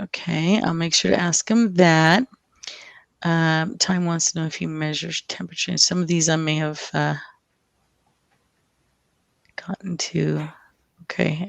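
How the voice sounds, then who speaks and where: A woman's voice: low voice, creaky, no room sound. A woman hosting a casual livestream, chatty and giggly, often losing her place as she reads the chat. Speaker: host.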